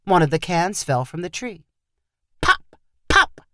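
A woman narrating a short story in an expressive storytelling manner. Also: fairly low pitch, moderate pace, no room sound, clean studio sound.

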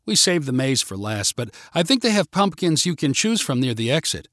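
A woman's voice: very deep voice, big pitch swings, normal speed, dry recording, studio quality, heavily acted. A man voicing a friendly, helpful older woman with a folksy manner.

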